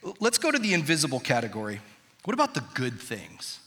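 Medium in pitch but swooping wildly, the voice moves a little fast and sounds sharp. It belongs to a man in his thirties preaching as pastor in a large church auditorium, conversational and quizzing the congregation, with reverberant hall acoustics.

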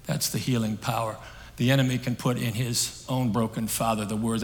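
A male preacher delivering a sermon from a stage, his voice sitting at an ordinary middle pitch. He talks in an earnest, conversational way, pressing hard on key points and then dropping almost to a hush. His words trail off into the long reverb of a large hall. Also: flat delivery, moderate pace, creaky. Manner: earnest, conversational storytelling, swinging between emphatic and hushed.

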